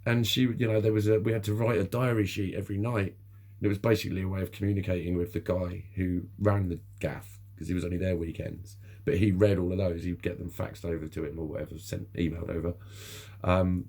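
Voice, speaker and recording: A middle-aged male vlogger talks candidly to camera in a rambling, sweary personal monologue, laughing often. His voice is lowish, gravelly, and darkish.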